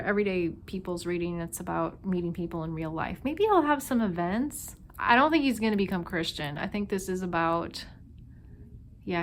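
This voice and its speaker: A woman with a Minnesota accent talks her way through a tarot spread in a loose, chatty manner, thinking aloud and leaning on fillers. Her pitch sits in a mid range for a woman. A faint hum of room sound runs underneath. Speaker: tarot reader. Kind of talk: casual tarot reading monologue.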